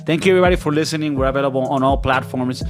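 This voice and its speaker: A man's voice: mid-range voice, racing, over music. A man with a Spanish-influenced accent co-hosting a podcast, crude and joking, laughing often. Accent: Spanish-influenced English. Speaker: podcast co-host. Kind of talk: casual comedic podcast chat.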